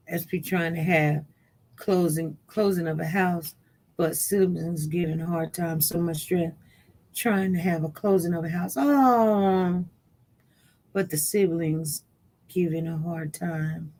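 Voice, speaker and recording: A woman's voice: medium pitch, a little mellow. A woman hosting a livestream, chatting in a rambling way and reading viewer comments aloud. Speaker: livestream host. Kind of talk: casual chat.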